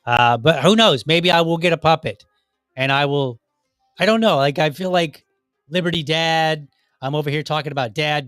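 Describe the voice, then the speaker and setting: A man hosting his own podcast, talking casually and rambling, acting out quick quoted voices as he gives advice. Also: mid-range voice, fairly bright tone, no echo, clean studio sound. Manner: chatty, rambling, acts out little quoted voices. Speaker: podcast host. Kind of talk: casual solo commentary.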